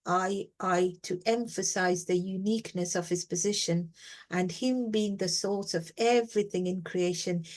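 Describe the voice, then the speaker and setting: A woman teaching a reflective scripture reading class in an emphatic way, repeating words for stress and often saying "you know". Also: lowish voice.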